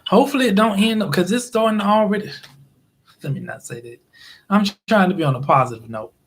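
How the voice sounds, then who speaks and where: Chatty high-voiced man telling stories. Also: quick pace, slightly rough. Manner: chatty, rambling, laughs often, acts out quoted voices. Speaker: YouTube live streamer. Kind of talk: casual storytelling monologue.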